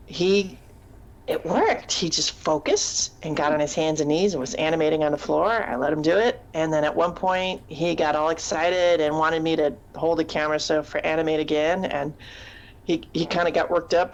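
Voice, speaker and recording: Low-voiced woman telling rambling stories. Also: lo-fi sound, a little hiss or hum. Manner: rambling storyteller, laughs often. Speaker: podcast co-host; teacher. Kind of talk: casual chat.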